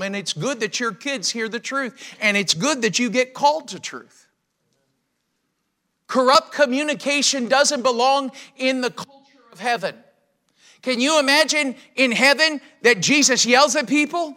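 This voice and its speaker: A middle-aged male pastor delivers a sermon with emphatic conviction, often turning to rhetorical questions. His voice sits high for a man and cuts through with a bright, forceful edge. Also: animated, a little slow.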